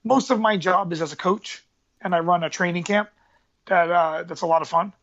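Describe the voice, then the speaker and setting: A man's voice: sits high, moderate pace, a bit bright, highs cut off. A man, an MMA fighter and coach telling stories in a casual podcast interview, rambling and using street slang. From New York area. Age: 30s.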